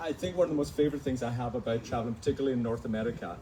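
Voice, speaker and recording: A man's voice: mid-range voice, rapid-fire. A man from the Scottish Hebrides with a Hebridean Scottish accent, a guest author telling chatty stories at a live book event, laughing often. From Outer Hebrides, Scotland. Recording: noisy live event recording.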